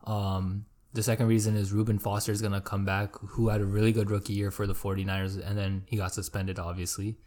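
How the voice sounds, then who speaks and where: A young man co-hosting a casual sports podcast, quick to tease and swear. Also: fairly low pitch, flat delivery, mellow. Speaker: podcast co-host.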